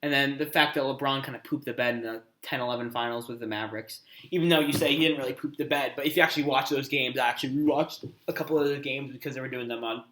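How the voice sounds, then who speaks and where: A man co-hosting a casual sports podcast, his bright, forceful voice bouncing around a roomy space. He thinks out loud and often trails off into quiet mumbles. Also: medium pitch, fairly even intonation, quick pace. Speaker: podcast co-host. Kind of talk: casual sports debate chat.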